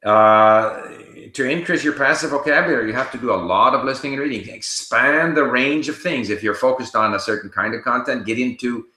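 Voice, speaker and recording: A man hosting a casual live Q&A, reading viewer questions aloud and answering them in a relaxed, explanatory way while he thinks aloud. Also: medium pitch, fairly quick, roomy sound, rough recording.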